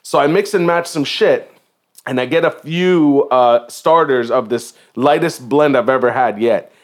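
Animated, foul-mouthed man telling a story. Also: medium pitch, moderate pace. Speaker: podcast co-host. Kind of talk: casual chat.

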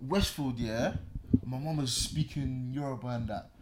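A young man, telling stories in a casual group chat with animated slang. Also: medium pitch, moderate pace, background noise. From England.

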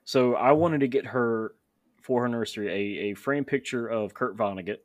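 A man's voice: mid-range voice, normal speed, no echo. A man hosting a casual podcast conversation, telling candid, self-deprecating stories. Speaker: podcast host.

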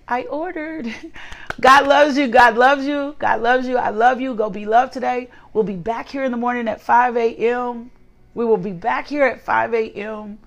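A woman's voice: a little high, creaky. A woman leading a morning devotional, earnest and pleading, repeating her requests. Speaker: ministry leader leading a devotional.

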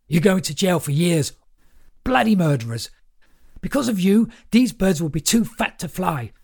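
A man doing a shrill manic ranter. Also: expressive, moderate pace, creaky, a little mellow, heavily acted. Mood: manic ranting. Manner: shrill furious ranting. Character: manic half-naked man ranting at children.

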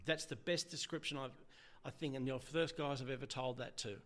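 In a candid interview, a middle-aged Australian man who used to be a police officer tells his own story in a steady tone. His speech is halting and emotional, full of restarted sentences, and it drops low each time he quotes another person.

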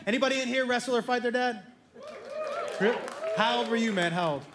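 A man doing a stand-up comedy routine, telling a story with animated energy and acting out the voices of the people in it. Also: very high voice, brisk, a crowd in the background. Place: comedy club stage before a laughing audience. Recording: roomy live club sound with noise.

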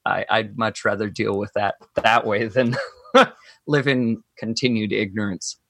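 Bright, reflective man in a podcast chat. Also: fairly low pitch, fairly even intonation, a little slow, creaky, dry recording. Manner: reflective and earnest, thinks aloud. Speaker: guest. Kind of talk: personal conversation.

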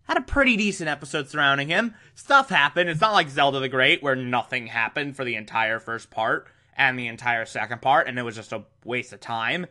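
A man recapping and reviewing an old TV episode in a casual monologue, sarcastic and exasperated, with sudden jumps in pitch for emphasis. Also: fairly quick, hardly any pauses, bright, forceful tone.

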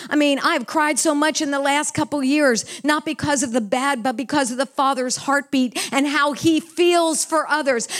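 An older woman preaching a heartfelt, earnest sermon about love and purpose. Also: sits high. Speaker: Christian speaker.

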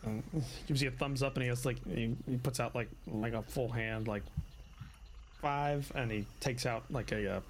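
A man's voice: medium pitch, steady tone, normal speed, a little hiss or hum. A man running a tabletop game as game master, rambling with many fillers and laughs.

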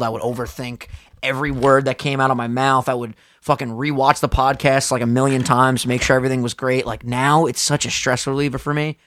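A young man co-hosting a podcast, chatting casually in an excitable, slangy way with plenty of swearing. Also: mid-range voice. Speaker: podcast co-host.

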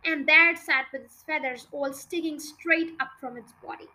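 Podcast reader: woman, expressive children's-book narration, bright tone. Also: sits high, normal speed, poor audio. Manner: expressive, lively read-aloud. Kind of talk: reading a children's book aloud.

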